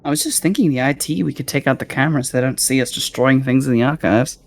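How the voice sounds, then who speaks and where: A player talking casually at a tabletop game, firing off eager questions. The speech runs fast at a middle pitch. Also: noisy background.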